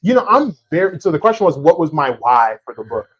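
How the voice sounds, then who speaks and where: A man, an author, telling lively anecdotes about writing his book to an audience at a church event, often checking in for agreement. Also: a little high, fast talker, slightly rough, poor audio. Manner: animated, anecdotal, with a frequent tag question asking the audience to agree. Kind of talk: storytelling conversation before a live audience.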